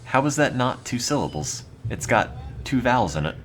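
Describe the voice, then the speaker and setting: A man's voice: mid-range voice, big pitch swings, moderate pace, slight background noise. A young American man with an East Coast accent, rambling in a dry, mock-serious way while streaming a game. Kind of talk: casual gaming stream chat.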